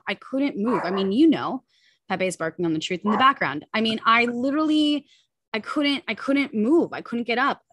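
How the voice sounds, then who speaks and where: A woman in her thirties talks openly as a podcast guest, rushing through her story with plenty of "like" and "you know". Her voice sits in a middle range, and the recording is close and dry with no room sound. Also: medium pitch, fairly bright tone, dry recording. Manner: candid, quick, full of likes and you-knows. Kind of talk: personal story in a casual interview.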